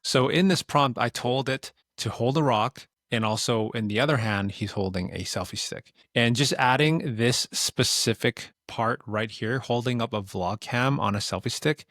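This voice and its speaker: Relaxed man explaining a tutorial. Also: medium pitch, normal speed, few pauses, dry recording, studio quality. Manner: relaxed, explanatory, plain-spoken. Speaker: tutorial creator. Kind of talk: instructional screen-recording explanation.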